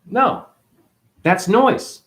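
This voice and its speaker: A man's voice: high-pitched, very slow, a bit bright. A man giving a spiritual monologue as a teacher, preachy and profane, firing one rhetorical question after another.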